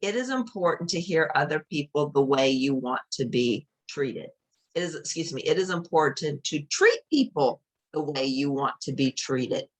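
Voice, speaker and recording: A woman reading a children's picture book aloud, gently explaining each page to young listeners. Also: low-pitched, animated, normal speed.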